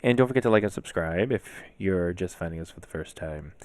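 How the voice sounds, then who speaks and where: A man's voice: sits low, animated, fairly quick, darkish tone, no room sound. A man co-hosting a casual podcast, chatty and emphatic, rambling through stories. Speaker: podcast co-host. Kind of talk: casual chat.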